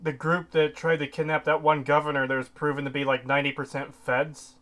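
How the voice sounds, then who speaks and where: A man with a slightly high voice joining a casual podcast. He speaks hesitantly and often pauses with ums. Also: level tone, fairly bright tone. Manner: hesitant, filler-heavy. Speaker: podcast co-host. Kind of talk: casual chat.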